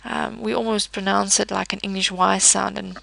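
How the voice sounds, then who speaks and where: A woman teaches French pronunciation in a calm, methodical way, walking through rules step by step. Her voice sits in a middle register with a little gravelly fry at the edges. She is recorded close and dry, with no room sound at all. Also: mid-range voice, dry recording. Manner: patient, methodical, slows down to model words. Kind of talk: explanatory language lesson.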